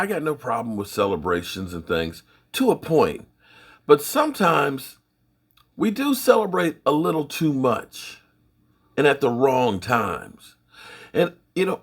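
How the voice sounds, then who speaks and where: A middle-aged man hosting his own sports channel, giving folksy, opinionated commentary in a rambling, casual way with a husky voice. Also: medium pitch.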